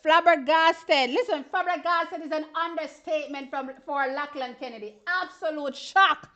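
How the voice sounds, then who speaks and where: A Jamaican woman with a high voice gives excitable live reactions to races on a stream. She piles on exclamations and talks straight to her viewers. The audio is dull and lo-fi. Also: normal speed. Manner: excitable, laughing, exclamatory, with chatty asides to viewers. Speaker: track and field stream host. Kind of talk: animated live reaction commentary.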